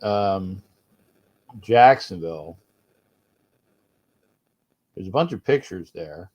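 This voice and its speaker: A man's voice: low-pitched, expressive, slow pace, darkish tone, breathy edge. A man hosting a casual livestream from home, grumbling and irritated, often repeating and restarting his phrases. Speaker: livestream host.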